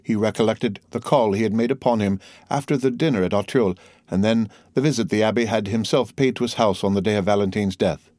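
Low-voiced man narrating a classic novel. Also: a little mellow, no room sound, studio quality. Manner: measured, dramatic reading. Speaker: audiobook narrator.

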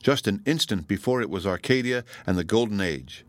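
Low-voiced man reading a classic novel. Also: expressive, dry recording. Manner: measured and formal. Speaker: audiobook narrator. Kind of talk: scripted narration of a classic novel.

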